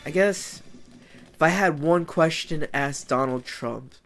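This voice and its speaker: An American man with a slightly high-pitched voice rambles through a casual vlog rant. He swears freely and strings thoughts together with "like" and "it's just like". There is a faint hum of noise in the recording. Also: moderate pace, creaky, fairly bright tone. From United States. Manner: rambling and profane, heavy use of "like". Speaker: vlogger.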